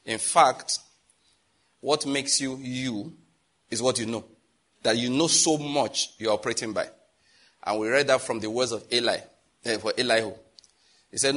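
A man with a Nigerian accent preaching a sermon as pastor, in a lively, chatty style with asides to the congregation. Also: mid-range voice, moderate pace, pauses often. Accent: Nigerian English. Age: adult, married.

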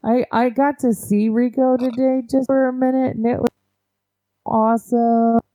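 A woman co-hosting a casual podcast chat from home, talking in a rambling, halting way. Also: on the high side, level tone, mellow, no room sound, rough recording. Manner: rambling, halting, full of "like" fillers. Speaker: podcast co-host. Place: home, recording remotely.

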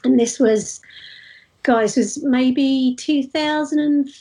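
A woman's voice: high-pitched, slow pace. Chatty woman telling stories. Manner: chatty, animated anecdotes with frequent restarts. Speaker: street performer guest. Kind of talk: casual interview storytelling.

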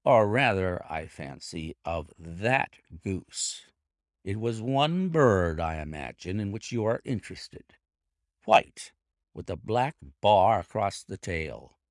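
A man voicing a calm, confident detective who speaks blandly and evenly. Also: fairly low pitch, no echo, studio quality. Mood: genial. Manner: bland, smooth, measured.

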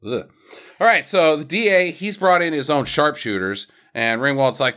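Animated man recapping a movie. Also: a little high, normal speed, clear, resonant tone. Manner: animated retelling with quoted voices and swearing. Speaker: podcast co-host. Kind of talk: casual movie recap chat.

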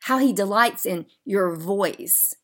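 A woman hosting a faith podcast, talking in an emphatic, heartfelt monologue that sometimes drops to soft murmurs. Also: medium pitch, slow. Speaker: podcast host.

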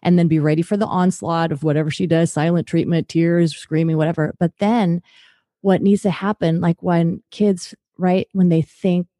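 A woman's voice: fairly low pitch, steady tone, normal speed, mellow, dry recording, studio quality. A woman, a guest author on a podcast, talking earnestly about parenting and acting out bits of parent dialogue. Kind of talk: podcast interview.

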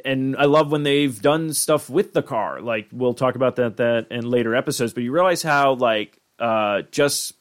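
Rambling, profane male podcast host. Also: mid-range voice. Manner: rambling, profane, frequent restarts. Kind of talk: casual chat.

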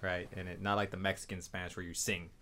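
Low-voiced joking podcast sidekick man. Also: flat delivery, fast, pushed and bright, a little hiss or hum. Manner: joking, teasing questions. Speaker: co-host sidekick. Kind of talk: casual banter.

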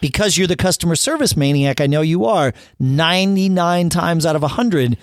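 A man co-hosting a casual business podcast, agreeing with his partner and reasoning ideas through out loud. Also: a little high, fairly quick, no echo, studio quality. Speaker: podcast co-host.

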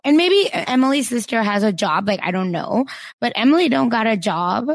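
A woman's voice: on the high side, expressive, normal speed, no room sound. A woman co-hosting a podcast, giving opinionated, emphatic commentary in casual chat with sassy asides. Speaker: podcast co-host.

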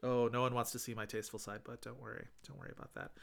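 A man co-hosting a casual film podcast, animated and enthusiastic. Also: medium pitch, racing, vocal fry, a crowd in the background. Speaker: podcast co-host.

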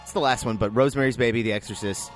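A man hosting a movie podcast in relaxed casual chat, introducing the crew and laughing along. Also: mid-range voice, racing, soft background music. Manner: easygoing, laughs. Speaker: podcast host.

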